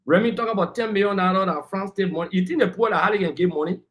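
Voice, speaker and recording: Guy on a political panel, kinda high voice, arguing hard and talking over folks. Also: rapid-fire, fairly bright tone. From Liberia. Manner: combative, lecturing, talks over interruptions. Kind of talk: heated political debate.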